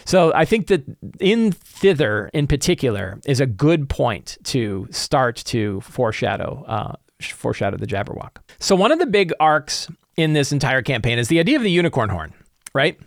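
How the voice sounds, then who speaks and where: A man casually sharing advice as a tabletop game master, animated and acting out his players' reactions. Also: medium pitch, moderate pace, gravelly, no echo, studio quality. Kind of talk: casual tips talk.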